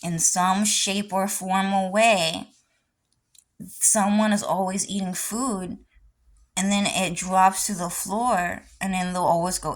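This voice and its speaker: A woman's voice: medium pitch, steady tone, slow, poor audio. A young adult woman rambling through a personal vlog monologue, lecturing insistently and repeating herself again and again. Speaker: vlogger.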